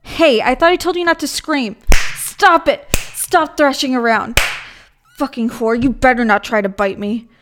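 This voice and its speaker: A woman's voice: sits high, takes it slowly, long pauses, background noise. A woman voicing a possessive motherly captor. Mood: domineering. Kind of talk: audio role-play.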